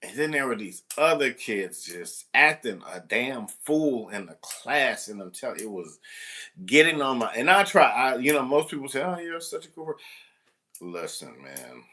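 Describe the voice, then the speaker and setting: Rambling man with a bright voice. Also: medium pitch, big pitch swings, normal speed. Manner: rambling, full of restarts and "you know". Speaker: substitute teacher. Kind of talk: casual storytelling monologue.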